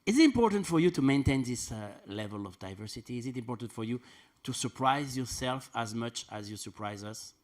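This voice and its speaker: Guy interviewer, admiring, lots of uhs, middle pitch voice. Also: expressive, fairly quick, few pauses. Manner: admiring, hesitant with fillers. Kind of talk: interview questions.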